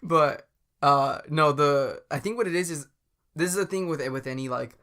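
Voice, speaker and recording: A man co-hosting a comedy podcast in casual chat, jokey and quick to riff into absurd bits. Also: fairly high pitch, sharp tone. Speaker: podcast co-host.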